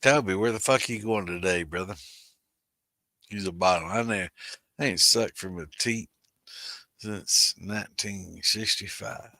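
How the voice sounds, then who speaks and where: A deep-voiced man in his sixties hosts a moonshine livestream, rambling casually, swearing freely, and calling viewers by name. His tone is bright and forceful, and he speaks a little slowly with long pauses. The sound is dry and close, with no room around it.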